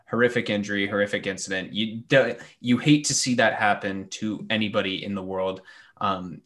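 A man's voice: on the low side, bright, forceful tone. A man giving blunt, emphatic opinions on a casual sports discussion panel, with frequent fillers. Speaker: hockey podcast panelist.

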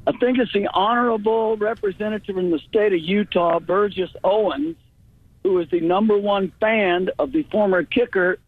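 A man's voice: high voice, moderate pace, slightly rough, no echo. A man calling in to a radio show over the phone, chatty and a bit long-winded. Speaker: radio caller. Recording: tinny phone line.

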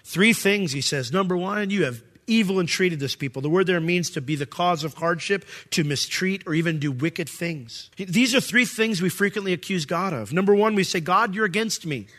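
A man preaching a sermon as pastor, reading scripture and acting out the quoted voices with big jumps in pitch. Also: moderate pace, hardly any pauses, fairly bright tone.

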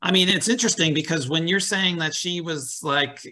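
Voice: mid-range voice, normal speed, bright, forceful tone. A podcast co-host chatting casually and reacting with brief comments and laughter. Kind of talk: casual conversation.

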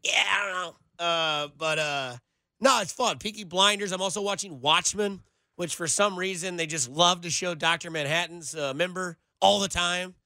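A man hosts sports talk radio with a bright, forceful voice that sits a little high for a man. He rambles loosely from point to point, leaning on filler words. The studio mic sound is close and dry. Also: moderate pace, no room sound. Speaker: radio show producer and host. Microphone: studio microphone.

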